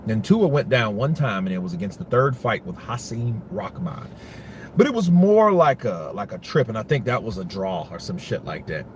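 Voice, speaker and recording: A man's voice: fairly low pitch, very animated, normal speed, a little hiss or hum. A man giving casual, rambling boxing commentary, full of profanity and restarts.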